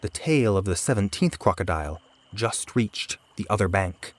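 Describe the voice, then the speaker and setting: Calm male storybook narrator. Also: lowish voice, moderate pace. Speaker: audiobook narrator. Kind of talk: storybook read-aloud narration. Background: soft background music.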